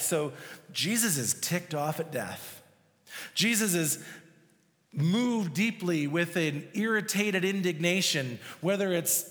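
Pastor guy preaching, chatty n emphatic, kinda high voice, long echo. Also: expressive, a little slow, a bit bright. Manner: conversational, emphatic preaching with asides. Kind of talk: sermon. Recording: long reverb of a hall.

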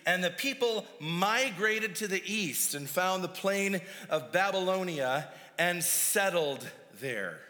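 A male pastor delivers a sermon with an animated, emphatic style, pushing his voice up for key points and slipping into quick asides. His voice sits high and bright. It carries through the long reverb of a large church hall. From United States.

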